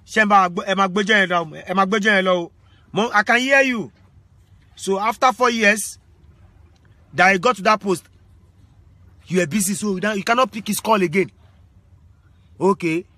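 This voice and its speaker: A man, a Yoruba speaker, acting as a mock judge in a comic skit, scolding and shouting insults and commands. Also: sits high, moderate pace, long pauses, dry recording. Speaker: comedian playing a judge.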